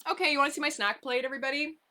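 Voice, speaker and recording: Brief: chatty woman streamer with a bright, sharp voice, casual and rambling, talking to viewers from her basement. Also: high-pitched, very fast. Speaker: livestreamer. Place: basement bedroom.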